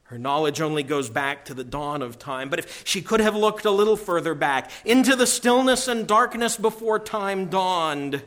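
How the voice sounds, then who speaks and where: Storybook lion king, deep, grave and unhurried, voiced by a male preacher. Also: a bit bright. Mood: solemn. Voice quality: deep and slow. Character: great solemn lion king, deep and calm.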